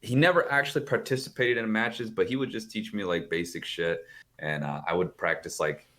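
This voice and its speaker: A man's voice: lowish voice, fairly quick, fairly bright tone. A man guesting on a podcast over a video call, telling stories in a rambling way, full of "like" and casual swearing. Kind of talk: casual storytelling chat. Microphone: calling in over a video call.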